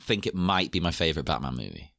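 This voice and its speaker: Male co-host, very deep yet bright tone, hesitant casual chat. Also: sing-song, fast talker, vocal fry, no room sound, studio quality. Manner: hesitant, weighing his words.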